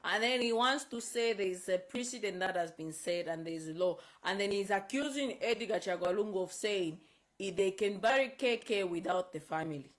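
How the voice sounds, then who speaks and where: A woman's voice: mid-range voice, rough recording. A woman from Zambia giving emotional, insistent political commentary, upset and near tears, repeating herself. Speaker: political advocate.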